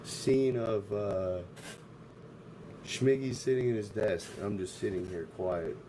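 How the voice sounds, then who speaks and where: A man's voice: on the low side, slow, background noise. A man streaming live, ranting in a profane, abrasive way. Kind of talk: casual livestream rant.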